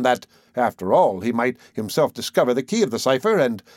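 A man narrating a classic adventure story in the first person, measured and expressive. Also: mid-range voice, no room sound, studio quality. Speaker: audiobook narrator.

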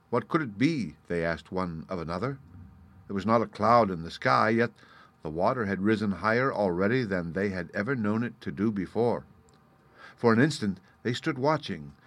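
A man reading a folk tale aloud as an audiobook narrator, in a measured, expressive storytelling manner. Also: on the low side, no echo. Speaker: audiobook reader.

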